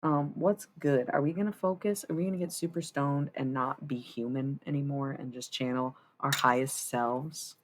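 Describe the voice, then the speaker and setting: A woman's voice: a bass voice, fairly even intonation, moderate pace, hardly any pauses, slight background noise. A woman in her thirties chatting casually and profanely on a tarot livestream. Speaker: tarot-reading streamer.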